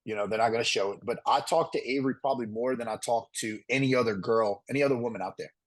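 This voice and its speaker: A man being interviewed about his time on a competition show, talking in a quick, rambling way with lots of "like" and "uh" fillers. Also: medium pitch. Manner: fast, rambling, fills with "like" and "uh". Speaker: reality show contestant interviewee. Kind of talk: candid interview.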